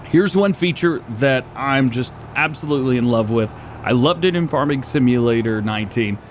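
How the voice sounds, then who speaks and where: A man's voice: medium pitch, expressive, normal speed, slight background noise. A man hosting a gaming channel, giving chatty gameplay commentary and laughing often, while he is losing his voice.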